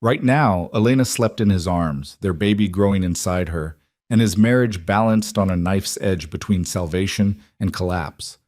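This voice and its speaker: A man narrating a romance story in a calm, steady scripted reading. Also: low voice, normal speed, dry recording, clean studio sound.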